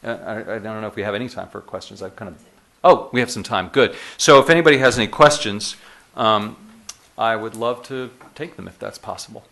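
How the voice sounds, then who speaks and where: A middle-aged man telling animated anecdotes to a live audience, often chuckling as he goes, then taking questions. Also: on the low side, brisk, gravelly. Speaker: speaker telling stories to an audience. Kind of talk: storytelling talk to a live audience. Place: lecture room with audience.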